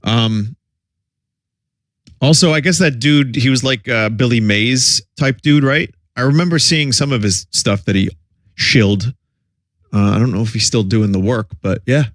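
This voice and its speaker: A man's voice: medium pitch, unhurried, fairly bright tone, no echo, studio quality. Chatty male streamer with chuckling asides. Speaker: streamer reacting to old commercials. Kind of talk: casual commentary.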